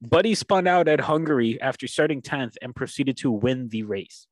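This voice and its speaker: A young man co-hosts a casual motorsport chat with a dry, teasing humor. His voice sits at a middle pitch and often drops low and quiet as a sentence ends. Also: expressive, moderate pace. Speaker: podcast co-host.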